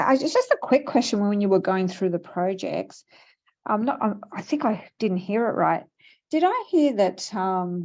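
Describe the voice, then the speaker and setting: A woman councillor asks a quick question in an online meeting. She sounds apologetic and unsure of herself, and her voice comes through a slightly muffled, lo-fi line. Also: mid-range voice. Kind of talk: asking a question in a webinar.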